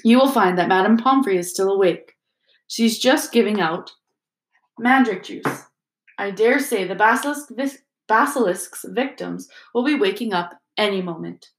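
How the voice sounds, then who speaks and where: A woman reading aloud plays a kindly old wizard headmaster with a soft, calm, gently amused way of speaking. He sounds patient and warm-hearted. The storybook recording rings with a roomy echo. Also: medium pitch, normal speed, close to an everyday voice. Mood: firm kindly. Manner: gentle, calm, softly twinkling.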